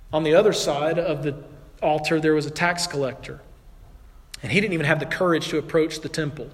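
A man's voice: fairly high pitch, big-room sound. A man preaching a sermon to his congregation in a conversational way, sometimes acting out the voices of people in the story. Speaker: pastor.

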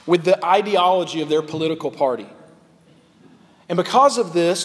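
Pastor guy preaching, fairly high voice, candid and chatty, long hall echo. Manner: candid, conversational, with rhetorical repetition. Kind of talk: sermon. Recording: long reverb of a large hall.

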